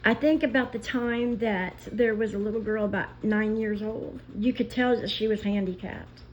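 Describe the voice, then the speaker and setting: A woman vlogger telling stories in an emotional, indignant rant, pausing as she speaks. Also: medium pitch, a little hiss or hum, rough recording. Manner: indignant, impassioned storytelling with pauses. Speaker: commentary vlogger.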